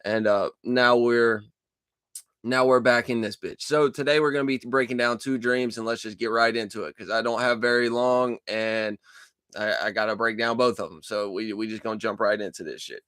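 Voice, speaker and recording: Sitting at his computer in a dark room, a man hosts his casual dream-journal vlog, rambling and swearing into a desk microphone with lots of fillers and restarts. His voice is lowish, steady, clear and resonant, at normal speed. The recording is dry and clean, like studio sound.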